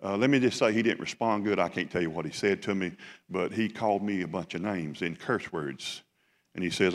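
Man, pastor, sermon, folksy storytelling, deep voice, long hall reverb. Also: moderate pace. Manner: folksy storytelling with plain-spoken asides. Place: church sanctuary.

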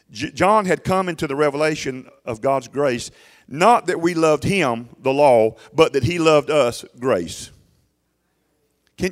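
A man preaching a sermon in church, emphatic and conversational, breaking off to talk straight to the congregation. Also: a little high. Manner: emphatic, conversational preaching with repeated phrases and audience asides. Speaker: pastor. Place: church sanctuary. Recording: long hall reverb.

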